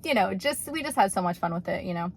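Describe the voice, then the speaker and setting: A chatty woman vlogger recounts a story in a loose, rambling way, peppering her talk with fillers. Her voice sits at an ordinary middle pitch and she sounds amused throughout. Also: lively intonation, quick pace, gravelly. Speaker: YouTuber. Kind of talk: casual storytelling vlog.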